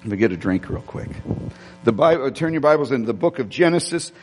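A man's voice: medium pitch, animated, fast talker, soft background music. A male pastor preaching a sermon, telling a personal story with many restarts and speaking directly to his congregation. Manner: rambling, frequent restarts, addresses congregation directly. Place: church sanctuary. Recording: long hall reverb.

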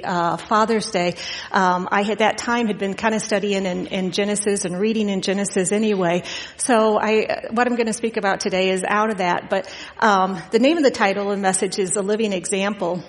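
Chatty woman preaching in a reverberant church. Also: medium pitch. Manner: chatty and storytelling, frequent fillers and laughs. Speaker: guest preacher. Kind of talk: informal Father's Day sermon. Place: church sanctuary. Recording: long reverb of a church hall.

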